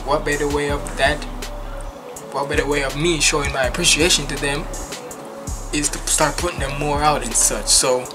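A man hosting a reaction channel, chatting casually in a loose, slangy way that often restarts mid-sentence. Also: a little high.

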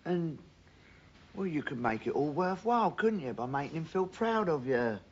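This actor voices a cocky, joking young builder abroad with a Geordie accent in an 1980s TV comedy-drama, a decent, kindly fellow beneath the banter. His male voice sits a little high, sing-song, at normal speed, steady in mood, and he matily addresses people as "love" and "son." Faint hiss runs under the dull, lo-fi TV audio.

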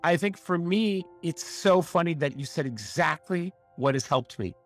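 A man's voice: on the high side, animated, normal speed, soft background music. Upbeat man in his fifties hosting. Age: 50s. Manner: upbeat, enthusiastic, laughs often. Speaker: podcast host. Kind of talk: casual interview chat.

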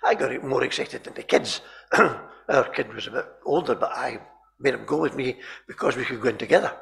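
A man preaching a sermon in a chapel, telling stories animatedly and often repeating words and clearing his throat. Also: medium pitch, normal speed, a bit bright.

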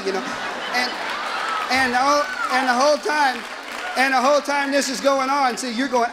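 A man doing live stand-up comedy, animated and bursting into shouts, on a 1980s live album with audience laughter. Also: very high-pitched, moderate pace, long pauses, big-room sound, over a noisy crowd, very noisy. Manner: animated, breaks into shouting and character voices. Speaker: Christian comedian.

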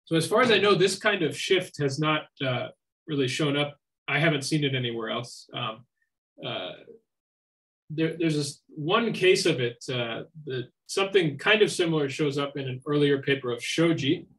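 A man's voice: on the high side, normal speed, a bit bright, low-quality recording. A man giving an academic lecture as seminar speaker, thinking aloud with frequent fillers and restarts.

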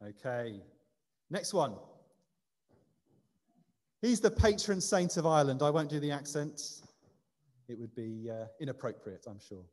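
A man's voice: on the high side, lively intonation, unhurried, long pauses, darkish tone. A man leading a light-hearted quiz in a church service, chatty and self-deprecating. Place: church building. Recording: long reverb of a church hall.

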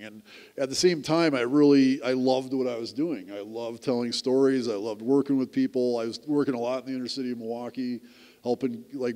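A man's voice: mid-range voice, a little mellow. Middle-aged man at a theater event, candid self-mocking storyteller with a mid-range voice and frequent restarts. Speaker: speaker at a community event. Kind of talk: personal storytelling to a live audience. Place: theater stage.

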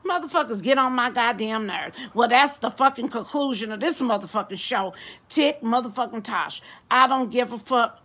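A woman's voice: fairly high pitch, moderate pace, a bit bright. A woman vlogger delivering a blunt, profane comedic rant straight to camera. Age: adult.

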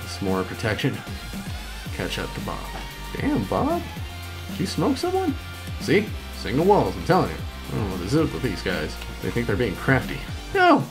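A man hosting a gaming video, giving excitable gameplay commentary and yelping high when things go wrong. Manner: excitable, yelps high-pitched when upset.

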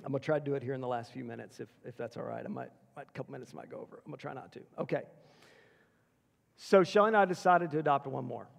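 A man speaking at a school chapel, telling personal stories in an earnest way that swings from hushed to excited. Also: on the high side, gravelly. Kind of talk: personal storytelling sermon. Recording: echoey hall.

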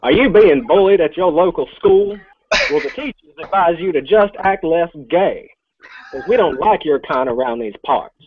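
A solemn, deliberate news anchor, as a man puts him on in jest. Each headline is announced slowly and gravely. The sound is thin and tinny, like a phone line. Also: on the high side, animated, natural voice. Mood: mock solemn. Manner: slow, solemn announcer delivery.

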